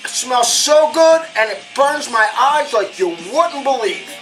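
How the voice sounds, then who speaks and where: Over background guitar music and a rough recording, a cooking show host demonstrates a dish from her home. Her voice is expressive and measured, and she keeps things upbeat and chatty, guiding each step with frequent exclamations like "boom" and check-ins of "okay?".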